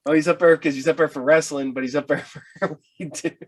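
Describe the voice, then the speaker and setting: A man's voice: a little high, steady tone, a little fast. A man hosting a casual podcast, easygoing and chuckling, who trips over his words as he tells a story. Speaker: podcast host.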